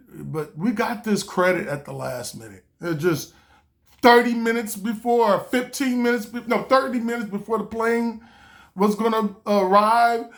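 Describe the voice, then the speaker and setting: A man's voice: high voice, creaky. A man from the Los Angeles area, casually telling a story in a rambling way, often saying "you know". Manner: animated, jumps into loud excited quoted voices. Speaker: vlogger.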